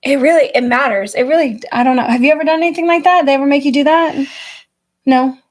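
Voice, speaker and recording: A woman co-hosting a podcast in casual chat, animated and candid, often chiming in with quick agreement. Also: high voice. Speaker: podcast co-host.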